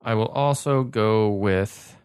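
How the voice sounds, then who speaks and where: A man's voice: on the low side, slow, darkish tone, smooth, no room sound, clean studio sound. A man hosting a casual sports podcast, loose and joking, with many restarts. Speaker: podcast host. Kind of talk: casual chat.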